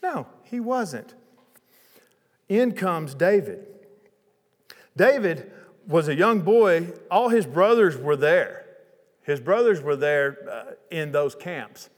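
Lively slow-talking preacher man. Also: a little high, in a large hall. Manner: lively, conversational retelling with asides. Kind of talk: sermon storytelling.

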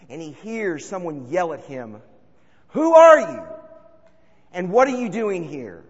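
A man preaching a sermon, telling stories and swinging between loud calls and hushed asides. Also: a little high, in a large hall, lo-fi sound. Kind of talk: sermon with storytelling.

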